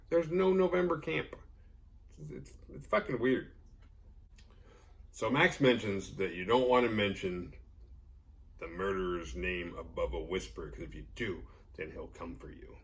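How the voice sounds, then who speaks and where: A man hosting a horror movie podcast, recapping a film in a rambling, sarcastic, profane way. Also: mid-range voice. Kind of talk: casual movie recap with jokes.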